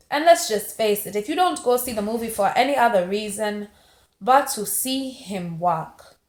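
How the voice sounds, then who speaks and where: A woman's voice: mid-range voice, echoey room. A woman from Alabama reviewing a film in a casual vlog, playfully talking in a strong put-on accent and stretching her phrases for emphasis. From Montgomery, Alabama, United States. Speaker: movie reviewer.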